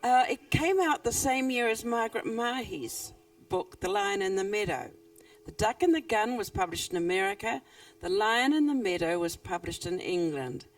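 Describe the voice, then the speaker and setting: A woman's voice: a little high, sing-song, moderate pace, creaky, far from the mic. An older woman with a New Zealand accent, a children's author talking casually in a stage interview at a book fair.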